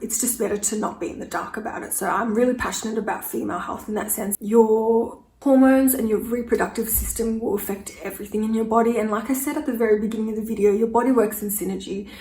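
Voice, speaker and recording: A woman's voice: on the high side, steady tone, fast, hardly any pauses, dark tone, echoey room, rough recording. Chatty young woman vlogging. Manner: chatty, frank, peppered with "like". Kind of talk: casual personal storytelling to camera.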